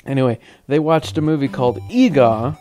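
A man hosting a casual let's-play commentary, giggly and excitable, laughing often as he plays. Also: medium pitch, a little fast, over music. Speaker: gaming channel host.

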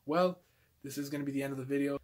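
A man's voice: medium pitch, fairly even intonation, rapid-fire. A young man in a casual toy-collection vlog, laid-back and fond of calling everyone dude, tired and out of breath.

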